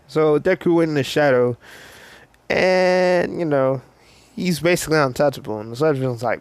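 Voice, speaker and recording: A man's voice: a little high, moderate pace, smooth, no room sound. A man casually retelling a fan story, rambling with slang and lots of fillers.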